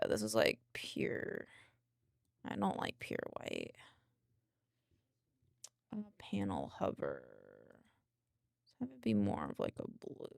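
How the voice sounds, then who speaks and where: A young woman rambles and giggles through a casual live stream, greeting viewers and muttering to herself as she designs. Her voice swings widely in pitch and carries a gravelly fry. The sound is dry and close. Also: no room sound. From English-speaking. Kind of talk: casual live-stream chat while working.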